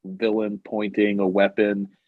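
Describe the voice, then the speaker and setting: A man's voice: fairly low pitch, completely flat delivery, unhurried, dry recording. A man co-hosting a podcast, casually recapping a comic and acting out the characters' lines. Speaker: podcast co-host. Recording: dull, muffled audio.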